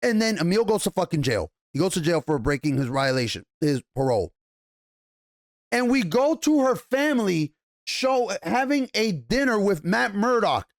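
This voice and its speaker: Fed-up reviewer cussing up a storm, mid pitch, dry close sound. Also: big pitch swings, moderate pace, dry recording. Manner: exasperated, swearing heavily, repeating points. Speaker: TV show reviewer. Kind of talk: angry rant review.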